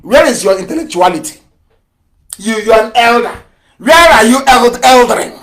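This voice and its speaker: A man giving an impassioned political radio broadcast, fiery and sarcastic, firing rhetorical questions and breaking into shouts. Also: very high-pitched, lively intonation, normal speed.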